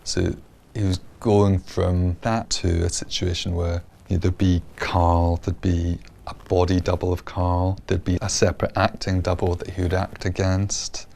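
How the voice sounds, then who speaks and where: A man explaining the making of a show in a measured, explanatory way. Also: low voice, little pitch movement, creaky, darkish tone. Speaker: producer of the show. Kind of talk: explanatory interview.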